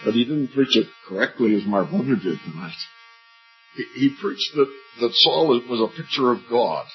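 An older male preacher giving an earnest evangelistic sermon at a church meeting, climbing high on questions and dropping low and soft on key lines. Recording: muffled lo-fi recording with faint music.

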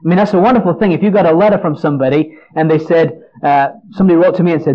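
A man's voice: fairly high pitch, racing, few pauses. A man preaching an earnest Bible-teaching sermon, often restarting and repeating words as he explains a passage. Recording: dull lo-fi recording.

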